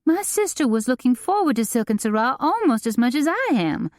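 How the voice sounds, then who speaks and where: A woman's voice: sits high, sing-song, a little fast, a little mellow, no echo, clean studio sound, voice pushed up. A woman reading an audiobook and voicing a panicky, self-dramatizing society woman who wails and pleads. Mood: frantic pleading. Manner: wailing, pleading, melodramatic.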